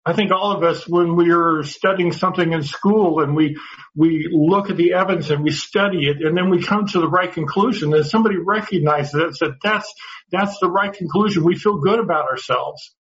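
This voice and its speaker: A man's voice: on the high side, brisk, a bit bright. A man teaching a Bible study class, earnest and explaining step by step, often repeating words as he goes. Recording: dull lo-fi sound.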